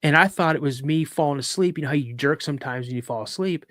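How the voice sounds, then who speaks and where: A man's voice: a little high, quick pace, fairly bright tone, dry recording, clean studio sound. A man hosting a live podcast, retelling a personal story vividly with frequent restarts. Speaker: podcast host.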